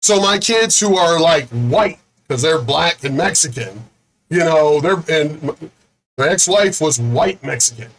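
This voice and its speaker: A man's voice: a little high, expressive, unhurried, fairly bright tone, rough recording. A man hosting his own video, delivering an angry, profane rant with lots of repetition. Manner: says he is angry and fed up. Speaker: video host.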